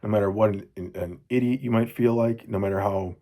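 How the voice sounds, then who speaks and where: Earnest low-voiced man in his forties. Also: steady tone, fairly quick. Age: 40s. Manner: earnest, heartfelt, often drops to a soft low voice; repeats phrases for emphasis. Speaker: father speaking to his children. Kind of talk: personal video journal.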